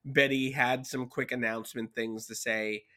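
A man's voice: medium pitch, steady tone, normal speed, pushed and bright. Rambling man chatting about movies. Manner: rambling, many fillers and restarts. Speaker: podcast co-host. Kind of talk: casual movie discussion.

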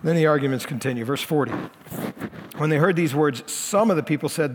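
Casting: male pastor, fairly high voice, chatty teaching sermon, long room reverb. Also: lively intonation, fast. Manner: conversational, paraphrasing scripture in plain speech. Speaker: lead pastor. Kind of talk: expository sermon.

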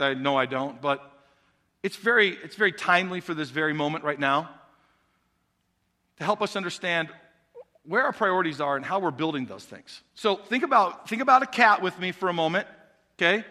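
A man's voice: high-pitched, bright, forceful tone. A male pastor preaching a conversational sermon in a church sanctuary, talking the congregation through an illustration and posing questions to them. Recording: long hall reverb.

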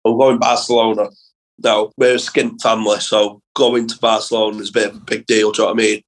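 Speaking fast at a fairly low pitch, a young comedian guest on a podcast tells animated stories from his school days. The chat is casual and heavily laced with swearing, captured on a low-quality recording.

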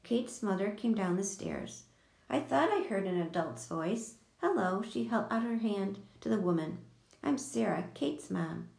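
A woman narrating a children's storybook in a steady, plain first-person manner. Her voice has a gravelly edge at mid pitch. The recording sits in an echoey room. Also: moderate pace. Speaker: audiobook reader.

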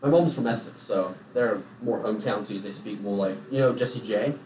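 A man's voice: on the low side, moderate pace, darkish tone, a little hiss or hum. A young English man with a home-counties accent, co-hosting a casual podcast chat in a jokey, chatty way. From England. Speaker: podcast co-host. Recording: roomy echo, mic from a distance.

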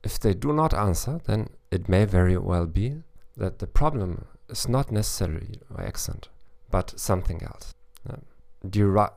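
Gravelly low-voiced man giving advice. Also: expressive, normal speed, few pauses, darkish tone. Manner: thoughtful, with frequent restarts and fillers. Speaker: language coach podcast host. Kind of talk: solo advice podcast.

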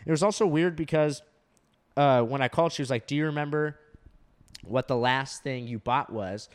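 A man's voice: mid-range voice, normal speed. A young man telling a story in casual chat, swearing often and full of fillers. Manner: animated storytelling, heavy swearing, many fillers.

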